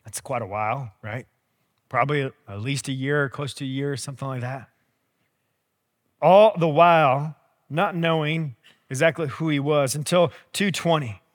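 A young adult man preaching a sermon in a conversational, storytelling way with animated asides. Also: medium pitch, normal speed. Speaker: pastor. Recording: long hall reverb.

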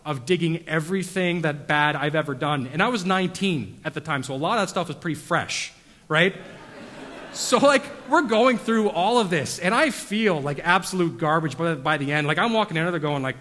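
A man's voice: fairly high pitch, lively intonation, moderate pace, pushed and bright. A man preaching a sermon, telling stories casually with lots of fillers and self-deprecating humor. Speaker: pastor. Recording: long hall reverb.

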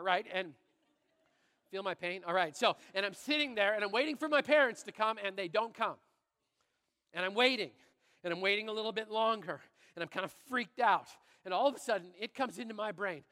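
A man from Canada, a pastor, giving a sermon through animated, exaggerated storytelling. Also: high voice, big-room sound. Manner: animated, exaggerated storytelling that turns quiet and earnest.

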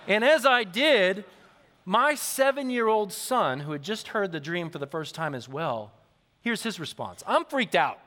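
Bright-voiced male pastor in a reverberant hall. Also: high voice, unhurried. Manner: lively, animated storytelling to a congregation. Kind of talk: sermon. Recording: long reverb of a large hall.

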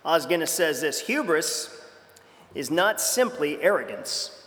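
A man with a high voice preaches a sermon in a church, with long echoes trailing off his words. He talks in a conversational way, restarting phrases and acting out quoted lines with sudden dramatic shifts. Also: a bit bright.

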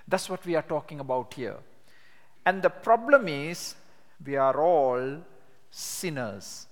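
Older man teaching in a reverberant hall. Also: a little high. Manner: animated storytelling, reads scripture slowly with emphasis. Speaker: evangelism trainer. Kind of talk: teaching talk to a class.

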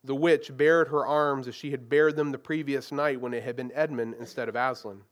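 A man retelling and then reading a story aloud with an expressive, dramatic delivery. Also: mid-range voice, normal speed.

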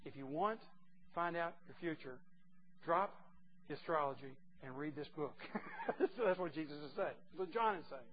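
A man preaching a sermon, emphatic and teasing, swinging from quiet asides to loud declarations. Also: a little high, lively intonation, normal speed. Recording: dull lo-fi recording with faint noise.

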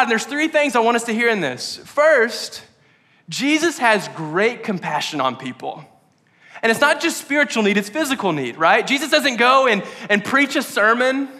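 High-voiced, playful man preaching. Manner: animated, playful, conversational. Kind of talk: casual podcast sermon. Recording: long hall reverb.

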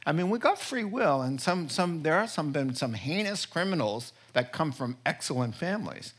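A man's voice: fairly high pitch, sing-song, normal speed, husky. A middle-aged man preaching a sermon as pastor, telling stories playfully and laughing at his own jokes.

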